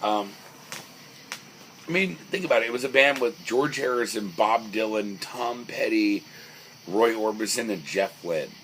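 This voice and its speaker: A man's voice: on the low side, measured pace, fairly bright tone, poor audio. A young man chatting casually on a podcast, rambling through stories with lots of fillers and restarts. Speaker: podcast co-host. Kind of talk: casual chat. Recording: faint background noise.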